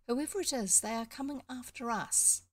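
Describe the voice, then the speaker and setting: A woman's voice: on the high side, moderate pace, no echo, natural voice. A woman doing Dab Dab, a fretful duck. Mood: worried. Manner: anxious, cautious. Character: fussy worried female duck housekeeper.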